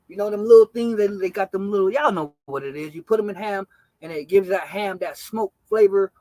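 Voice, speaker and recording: A man streaming, telling a rough anecdote in a casual, profane, slangy way and acting out what people said. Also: high-pitched, darkish tone, dry recording, low-quality recording. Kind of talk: casual storytelling.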